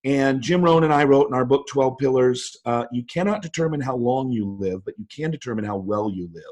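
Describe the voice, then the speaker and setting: A husky man in his fifties talks in a motivational interview. He tells stories with emphasis and his voice leaps up when he quotes people. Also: medium pitch, brisk, darkish tone. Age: 50s. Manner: emphatic storyteller, voice jumps up for quoted lines. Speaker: guest speaker.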